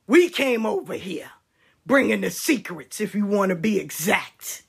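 A woman speaking as a spiritual practitioner on a live stream, heated, profane and confrontational, swinging between shouts and low, pointed asides. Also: lively intonation, measured pace, gravelly, faint music behind.

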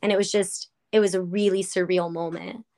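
A woman's voice: medium pitch, a little fast. A woman podcast host in casual chat, telling stories animatedly with lots of fillers. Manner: animated storytelling with many fillers.

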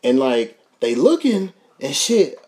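A young man with a Kentucky accent tells a story on a podcast mic, his voice sitting a bit high. He is loose and profane and acts out the people in the story as he goes. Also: huge pitch swings, takes it slowly, darkish tone. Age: young adult. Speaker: podcast host. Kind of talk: casual storytelling.

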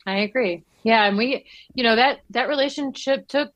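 Actress guest, woman, lively storyteller, dry close mic. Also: moderate pace, dry recording, dull audio. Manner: animated, acts out quotes with big pitch jumps. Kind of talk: casual interview chat.

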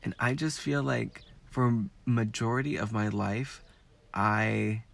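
A man's voice: on the low side, fairly even intonation, takes it slowly, gravelly, a bit bright. A man hosting a podcast, talking frankly in a casual, rambling way with lots of swearing. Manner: frank and heavily profane; rambling with many fillers. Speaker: podcast host.

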